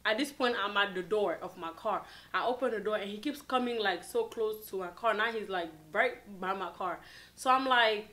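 Bright-voiced woman telling a storytime. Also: mid-range voice, normal speed. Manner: animated casual storytelling, many fillers. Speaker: vlogger. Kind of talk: storytime vlog.

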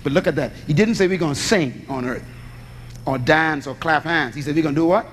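A man's voice: fairly high pitch, brisk, fairly bright tone, slight background noise. A man preaching a sermon, teaching by asking the congregation questions and supplying the answers. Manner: teaching with call-and-response questions. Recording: long hall reverb.

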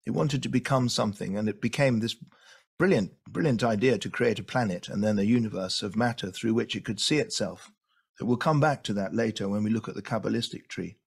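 A man's voice: lowish voice, brisk, creaky, husky. A man lecturing eagerly, repeating words for emphasis as he walks through his slides. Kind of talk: illustrated lecture.

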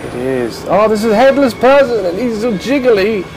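A man's voice: sits high, sing-song, normal speed, creaky, a little mellow. Jumpy, swearing gamer man. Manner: jumpy, swearing, nervous laughter. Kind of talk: horror game let's-play commentary.

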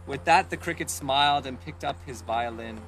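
A man leading an online music lesson for children outdoors, reading a storybook in a lively, encouraging sing-song voice and guiding a dance. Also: medium pitch, moderate pace, a little hiss or hum. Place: outdoors in a park. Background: music playing.

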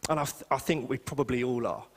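A man preaching a sermon as pastor, chatty and animated, slipping into little voices for the people he quotes. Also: mid-range voice, fast, long reverb tail. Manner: animated, conversational, acts out quotes. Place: church hall.

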